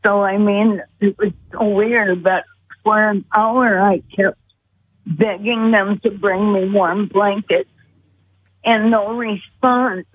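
A woman calls in and tells her story slowly and earnestly. Her voice is husky and a little breathy. It comes through a thin, tinny phone line. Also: medium pitch, steady tone. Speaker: guest. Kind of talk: storytelling on a call-in show. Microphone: telephone.

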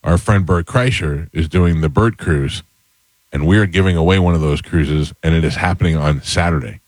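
A man in his fifties hosting a radio talk show, telling rambling stories in a relaxed, casual way. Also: sits low, normal speed, dry recording. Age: 50s. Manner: relaxed storyteller, rambling with restarts.

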